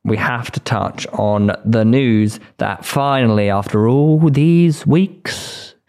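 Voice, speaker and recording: A man's voice: medium pitch, takes it slowly, a little mellow, clean tone. A young man co-hosting a football podcast, chatting casually and telling rambling, jokey stories. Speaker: podcast co-host. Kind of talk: casual chat.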